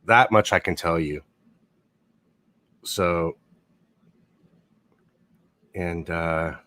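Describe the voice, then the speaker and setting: A man's voice: sits low, a bit bright, dry recording. Foul-mouthed rambling man. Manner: profane, rambling, blunt. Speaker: livestream host. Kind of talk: casual livestream chat.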